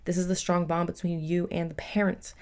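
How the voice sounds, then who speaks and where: A woman giving a casual, chatty tarot reading, warm and emotional, with many fillers. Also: lowish voice, little pitch movement, brisk, heavy background noise. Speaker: tarot reader.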